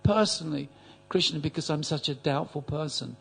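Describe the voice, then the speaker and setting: Older man recounting an anecdote to a class; halting, animated, slightly high-pitched. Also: creaky, breathy edge. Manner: halting, repeats words, animated. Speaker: class attendee. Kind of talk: storytelling in a group class.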